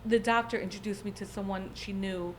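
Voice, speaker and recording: A middle-aged woman with a Long Island accent, talking casually and animatedly on a podcast. Her voice sits at an ordinary middle pitch. A faint hiss runs under the recording. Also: brisk. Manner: chatty, animated storytelling. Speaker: podcast guest, real estate agent. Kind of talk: casual chat.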